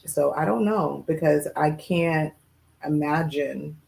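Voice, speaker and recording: A young adult woman co-hosting a podcast, talking thoughtfully and hesitantly with many pauses and fillers. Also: low voice, gravelly, darkish tone, poor audio. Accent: Boston. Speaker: podcast co-host. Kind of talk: casual chat.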